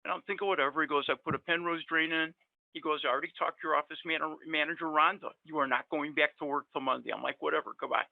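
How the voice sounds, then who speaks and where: A man's voice: fairly high pitch, steady tone, fast, creaky, no echo. A middle-aged man telling long, rambling personal stories in casual chat, with many fillers. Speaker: guest dentist. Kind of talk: casual storytelling. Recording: dry tinny phone-like line.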